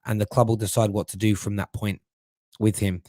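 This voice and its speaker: A man's voice: fairly low pitch, flat delivery, brisk, darkish tone, no room sound, clean studio sound. Chatty man hosting a live stream. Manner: chatty, stumbles and repeats words while thinking. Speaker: host of a football fan live stream. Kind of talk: casual live-stream chat reading viewer comments.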